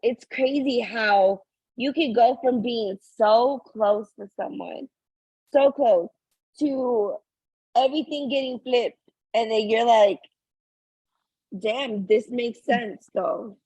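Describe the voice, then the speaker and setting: A woman's voice: fairly high pitch, takes it slowly, darkish tone, husky, dry recording, low-quality recording. A woman co-hosting a podcast, talking in a blunt, sarcastic, casual way. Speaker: podcast co-host. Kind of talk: casual chat.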